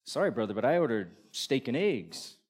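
An easygoing Texan traveler, relaxed and modest, as a male storyteller puts him on. The voice sits at an ordinary mid pitch with a casual, unhurried feel. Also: slightly rough. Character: laid-back Texan man tourist.

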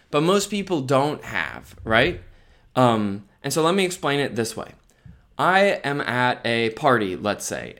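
A man's voice: medium pitch, a bit bright. A tired man hosting his own podcast who talks in a rambling, upbeat way, full of "like" and "right?". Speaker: podcast host. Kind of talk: casual solo podcast monologue.

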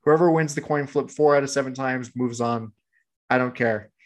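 A man's voice: medium pitch, moderate pace. A laid-back man co-hosting a podcast in casual, rambling sports chat. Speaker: podcast co-host.

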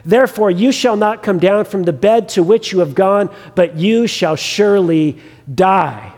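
A man voicing nervous ancient messengers who report to their king in a halting way. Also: sits high, a little mellow. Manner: hesitant, halting. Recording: long reverb of a large hall.

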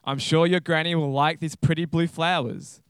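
A man voicing the sly big bad wolf from a storybook, who switches into a squeaky falsetto granny voice. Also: steady tone, moderate pace, clean tone, dry recording, studio quality, lightly acted.

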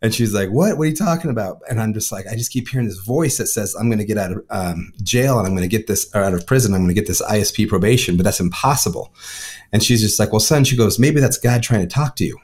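A man tells his story at a brisk clip, often tagging his sentences with "right?". His voice sits a little low, and he rushes through a personal testimony in conversation. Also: darkish tone. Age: adult with a son. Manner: fast storytelling, frequent "right?" tags. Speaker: guest.

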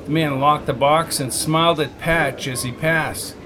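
A man reading a novel aloud as the narrator, in a steady, measured way. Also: fairly high pitch, noisy background. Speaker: audiobook narrator. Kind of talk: scripted narration.

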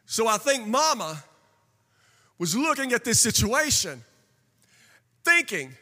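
Here a male pastor's sermon is sing-song and fervent, his very high, bright voice ringing as it rises to chanted shouts and drops again, never rushed. A long reverb like that of a large church sanctuary surrounds him.

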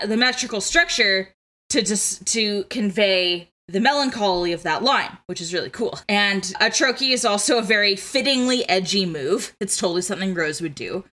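Co-hosting a casual podcast, a young woman eagerly walks through poetic meter, with plenty of "like" and false starts. Her voice is mid-range with a sharp tone, at a moderate pace.

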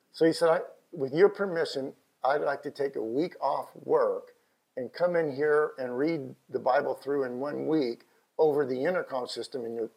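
A middle-aged man with a Texan accent preaching a sermon as pastor, swinging from quiet asides to impassioned shouted lines. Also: mid-range voice, breathy edge, poor audio. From Texas.

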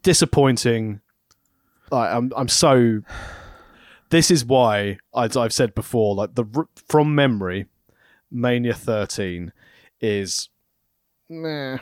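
A man's voice: mid-range voice, expressive, slow, pauses often, no room sound, clean studio sound. A man co-hosting a casual chat, making wry jokes. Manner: wry, jokey. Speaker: podcast co-host.

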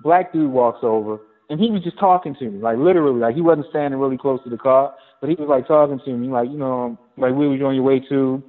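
A man in casual chat, telling stories in an animated, profane way. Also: mid-range voice, fast talker, few pauses. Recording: tinny phone-like audio.

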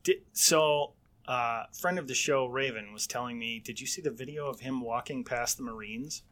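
A man's voice: mid-range voice, moderate pace, a bit bright. A middle-aged man co-hosting a podcast, bantering casually and mockingly, laughing often. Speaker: podcast co-host.

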